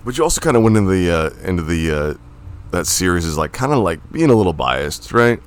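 Fast-talking rambling young man. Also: low voice, sing-song, clean tone. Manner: rambling, profane, laughs often. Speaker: podcast co-host. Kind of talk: casual podcast banter.

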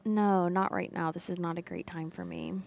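A woman's voice: on the low side, fairly even intonation, moderate pace, vocal fry, a little mellow, slight background noise. A woman co-hosting a casual podcast from a parked car on a headset, answering in a dry, matter-of-fact way. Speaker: podcast co-host. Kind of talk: casual chat.

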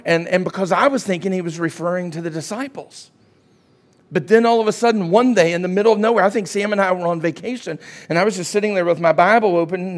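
A man preaching a sermon as pastor, often asking "Amen?" and rising to a shout at his climaxes. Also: high voice.

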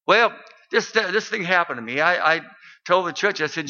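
A man's voice: on the high side, expressive, fairly quick, bright, forceful tone. An older man, a minister, telling a story in a sermon with earnest, sometimes fervent delivery. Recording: dull lo-fi recording.

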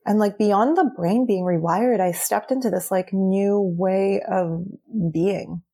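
A woman's voice: medium pitch, slow pace, mellow, husky. A young adult woman telling her personal story as a guest in an interview, earnest and chatty, often saying "like".

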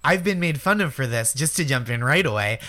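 A man's voice: medium pitch, expressive, bright, forceful tone. Chatty man with a Boston-area accent. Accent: Eastern Massachusetts. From Eastern Massachusetts. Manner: chatty, self-deprecating, quick to laugh. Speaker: comedian guest. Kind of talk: casual chat.

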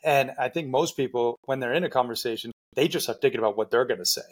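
Male podcast host, husky voice, chatty and easygoing, mid pitch. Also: fast. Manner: chatty, laughs often, many fillers. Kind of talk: casual interview talk.

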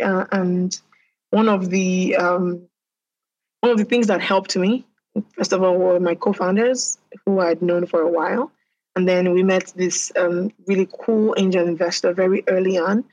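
A woman from Nigeria, an entrepreneur, speaking as a podcast guest in a measured, thoughtful way. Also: on the low side, steady tone, a little mellow, poor audio. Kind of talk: casual interview.

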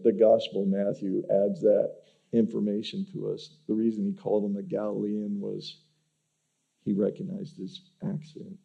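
A man's voice: on the low side, monotone, moderate pace, gravelly, husky, lo-fi sound. A male pastor giving a conversational sermon, often restarting sentences by repeating words.

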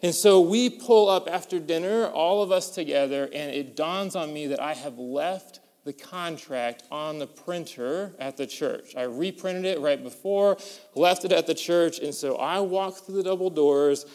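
Male pastor, fairly high and resonant voice, animated storytelling sermon in a reverberant hall. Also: a little slow. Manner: animated storyteller, builds to excited peaks.

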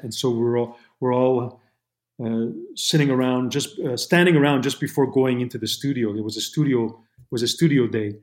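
A man from Montreal, a camera operator guest, telling stories casually with lots of restarts and fillers. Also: mid-range voice. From Montreal, Canada. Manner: rambling, many restarts and "you know". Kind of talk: casual interview storytelling.

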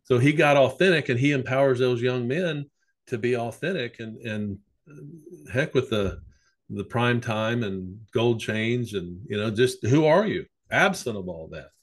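A man's voice: medium pitch, a little slow. Rambling, storytelling male therapist. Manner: rambling storyteller, lively anecdotes. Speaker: psychotherapist guest. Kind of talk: casual podcast conversation.

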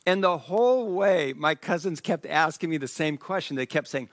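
A man preaching a sermon, reading scripture slowly and breaking off into an animated story. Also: on the high side. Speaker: pastor.

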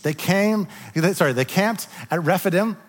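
A man preaching a sermon, animated when telling the story and dropping to soft, quiet tones. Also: high-pitched, moderate pace, in a large hall. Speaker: pastor.

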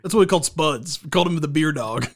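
A man co-hosting a podcast, rambling and halting through an improvised comedy chat. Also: on the high side, expressive. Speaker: podcast co-host.

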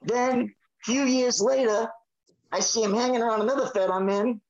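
A man's voice: very high-pitched, fairly even intonation, normal speed, muffled recording. A man co-hosting a podcast, ranting angrily and swearing hard. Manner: angry, swearing, fired up. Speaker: podcast co-host. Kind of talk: profane ranting chat.

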